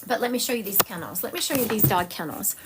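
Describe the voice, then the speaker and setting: A woman's voice: mid-range voice, animated, quick pace, background noise. A woman psychic medium giving a live-stream reading at home, chatty and digressive, drifting into side stories.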